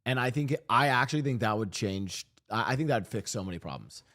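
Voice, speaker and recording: A man's voice: mid-range voice, lively intonation, fairly quick, sharp tone. A man streaming, reacting to clips in casual, profane commentary that rambles and restarts its sentences on a desk mic.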